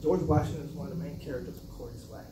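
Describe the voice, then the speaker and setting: This man's mid-range voice holds a steady tone while he talks rapid-fire. He's a South Carolina author giving a casual, joking storytelling talk about his writing, chatty and full of asides. The recording, from an indoor event venue, sounds roomy and noisy, with a distant mic.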